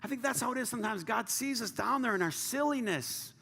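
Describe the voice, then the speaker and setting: High gravelly pastor guy preaching hard, drops to near whispers, long churchy reverb. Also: animated, fairly quick. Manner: passionate, swings from loud urging to hushed near-whispers. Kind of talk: sermon. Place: large church hall. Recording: reverberant church hall with faint ambience.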